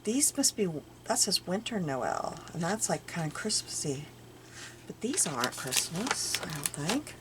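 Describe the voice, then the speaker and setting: An older woman with a low voice that swings up and down as she talks, chatting about her craft finds. She muses aloud and at times drops to a near murmur. Steady background noise runs under the recording. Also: unhurried. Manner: chatty, musing aloud, drifting into soft murmurs. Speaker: crafting vlogger. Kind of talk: casual show-and-tell chat.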